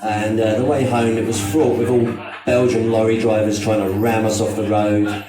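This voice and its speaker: Rambling British comic in a mock Aussie accent. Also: male voice, fairly low pitch, level tone, normal speed. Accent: mock Australian over British. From Britain. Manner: rambling, self-mocking, swears freely. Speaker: stand-up comedian. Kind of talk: live stand-up comedy. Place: stage at a live comedy show. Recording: very echoey, distant from the mic, music behind.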